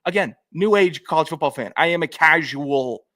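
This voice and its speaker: A man's voice: on the high side, expressive, normal speed, sharp tone. A young adult man co-hosting a casual sports podcast, joking and rambling with restarts. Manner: rambling, joking, self-correcting. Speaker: podcast co-host. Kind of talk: casual chat.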